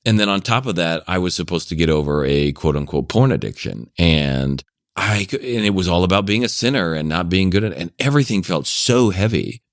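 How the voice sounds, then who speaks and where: A deep-voiced middle-aged man talks casually, wandering through long stories and chuckling between thoughts. The sound is dry and close, with no room around it. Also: animated, a little fast, no room sound. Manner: rambling storyteller, chuckles often. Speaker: podcast guest, parenting coach. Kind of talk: casual chat.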